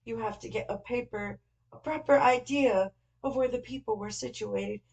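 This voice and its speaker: A woman's voice: fairly high pitch, normal speed, gravelly, a little mellow, rough recording. A woman reading a novel aloud, voicing an earnest, flustered young man who explains things at length. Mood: explaining eagerly.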